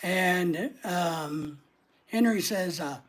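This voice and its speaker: In an extremely slow, high voice, a man with a neutral American accent rambles through his casual livestream, reading comments from viewers aloud and replying to each.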